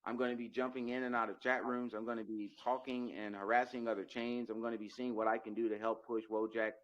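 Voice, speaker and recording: A man's voice: medium pitch, level tone, fast, highs cut off. A man on a voice call promoting his crypto project, boastful and emphatic.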